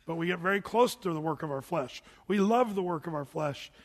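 A man's voice: a little high, lively intonation, brisk, big-room sound. A man preaching a sermon, teaching through Bible verses in a conversational way with joking asides. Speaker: pastor.

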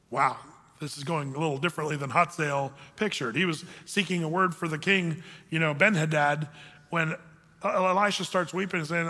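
Bright-voiced preacher in an echoing hall. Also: male voice, fairly high pitch, normal speed. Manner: conversational, joking asides. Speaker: pastor. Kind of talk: sermon, verse-by-verse teaching.

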